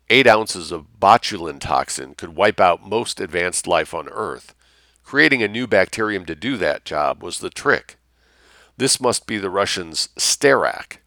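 A man reading an audiobook as narrator in an even, measured way. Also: lowish voice, vocal fry, no echo, studio quality. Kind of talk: scripted narration.

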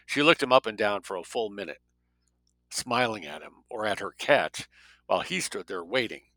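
A man reading fiction aloud in a steady, measured way. His voice is low-pitched with a sharp, forceful edge. It is recorded dry and close, with no room sound. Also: no room sound, low-quality recording. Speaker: narrator. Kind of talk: audiobook narration.

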